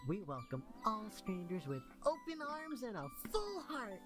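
A tiny, melodramatic cube creature in a game. The voice sits high and rambles as it goes. Game music plays under the lines. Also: male voice, wildly swooping pitch, unhurried, exaggerated voice. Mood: sweetly welcoming. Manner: rambling, swings from sweet to hysterical. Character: tiny cute cube townsman, unhinged, melodramatic. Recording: game audio with music behind.

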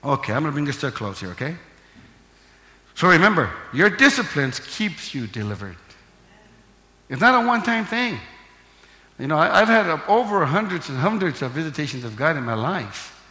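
An older man preaching a live sermon as pastor, emphatic, swinging from shouts to hushed tones. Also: on the high side, very animated, moderate pace, pauses often. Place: large church hall. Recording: echoey church hall with long reverb.

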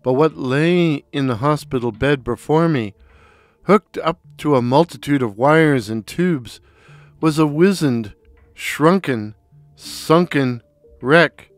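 A man narrating a dark, comic short story in a sardonic, deadpan, deliberate way. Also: fairly high pitch, dry recording, faint music behind. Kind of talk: dry, wry spoken storytelling.

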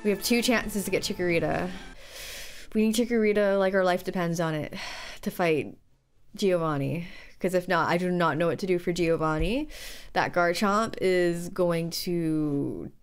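A young woman streaming a game playthrough and commentating, excitable, swearing and shouting at big moments. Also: on the low side, moderate pace.

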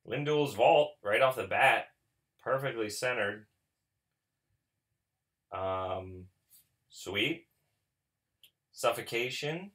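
A man hosting a card pack opening, talking casually and mocking himself, who breaks into excited shouting. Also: fairly high pitch, a little slow, long pauses. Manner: chatty and self-mocking, bursts into excited shouting. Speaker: host opening card packs for viewers.

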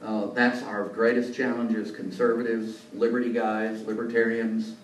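Speaking at normal speed with a lowish voice and flat delivery, a male journalist gives a lunch club talk as guest speaker, full of anecdotes and folksy asides. He's in a meeting room, captured by a distant mic with echo and faint noise.

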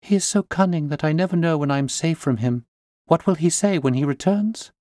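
A nervous, eager young lady, as a male narrator puts her on, voiced well above his usual pitch. Her words come out earnest and anxious, and the sound is dry and close. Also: normal speed, a little mellow, dry recording, natural voice. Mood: fearful. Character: frightened young woman client.

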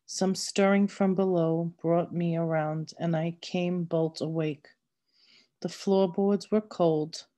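A woman reading a novel aloud at a slow, measured storytelling pace. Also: on the low side, warm tone. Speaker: reader.

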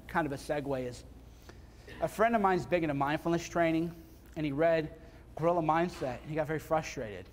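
A man's voice: a little high, a little hiss or hum. A man speaking casually and bluntly to a live seminar audience, repeating points for emphasis. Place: seminar room before an audience.

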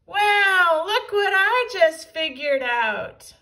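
A woman voicing a loud, gloating male villain who shouts his lines. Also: sits high, takes it slowly, voice pushed up, low-quality recording. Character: loud boastful male villain robot-suited.

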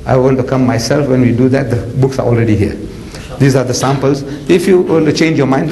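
A man preaching a lecture, animated and jokey, telling stories with acted-out voices. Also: mid-range voice, fairly quick, vocal fry, poor audio. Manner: animated, jokey, acts out characters. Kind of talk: lecture with dramatic storytelling.

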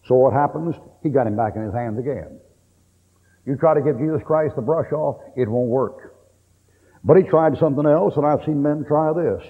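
A man's voice: medium pitch, normal speed, breathy edge. A middle-aged man preaching a sermon in a blunt, folksy way, cracking jokes as he goes. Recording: old tape, tinny and echoey hall.

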